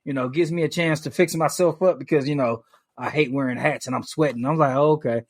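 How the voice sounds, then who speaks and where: A man on a podcast, telling a story in casual chat, animated, full of fillers and restarts, swearing freely. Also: on the high side, brisk, no echo, clean studio sound. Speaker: podcast co-host.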